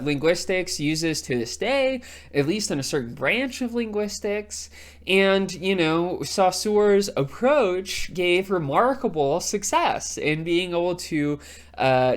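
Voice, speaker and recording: A lecturer from Texas with a Texan accent, explaining ideas in a casual, thinking-aloud way with many fillers and tag questions. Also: mid-range voice.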